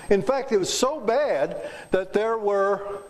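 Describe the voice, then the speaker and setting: A man's voice: high voice, a little hiss or hum. A man in his seventies from Kansas, giving a folksy, joking talk to a club and quizzing the audience. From south central Kansas, USA. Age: 70s. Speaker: guest speaker. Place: club meeting room.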